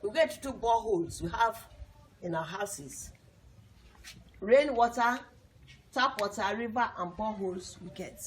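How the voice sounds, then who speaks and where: A woman's voice: medium pitch, animated, normal speed, pauses often, slight background noise. A woman teaching a lesson to young pupils, repeating points emphatically and asking the class questions.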